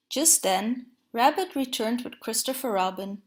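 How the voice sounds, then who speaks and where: A woman reading a storybook aloud in a calm, even voice. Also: a little high, normal speed, gravelly, hardly any pauses. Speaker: storybook reader.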